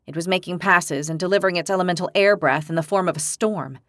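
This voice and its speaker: A woman narrating a fantasy audiobook in a steady, measured reading. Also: fairly low pitch, no echo, studio quality. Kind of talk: scripted narration.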